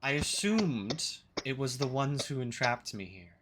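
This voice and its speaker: A man's voice: mid-range voice, sing-song, unhurried, background noise. Man voicing the Green Man, a cold vine spirit. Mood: menacing. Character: ancient mouthless vine spirit, male, cold and aloof. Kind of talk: tabletop game role-play.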